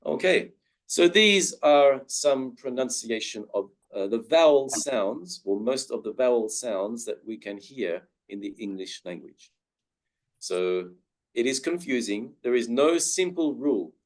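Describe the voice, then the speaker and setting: A man's voice: mid-range voice, expressive, unhurried. A young man, giving a webinar lecture and carefully modelling the sound of each word aloud. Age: young adult. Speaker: guest speaker teaching pronunciation.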